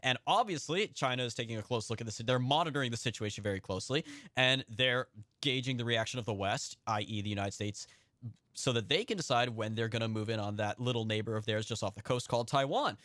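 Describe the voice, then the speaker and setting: A man hosting a political podcast, talking in a rapid, emphatic, lively way. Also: medium pitch, no echo, studio quality. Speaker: podcast host.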